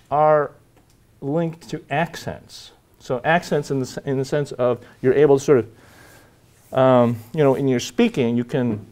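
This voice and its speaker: A man's voice: mid-range voice, a little mellow. A man giving a university lecture, thinking aloud with frequent fillers, restarts and "right?" checks. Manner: halting, many fillers and restarts; reads quoted passages slowly.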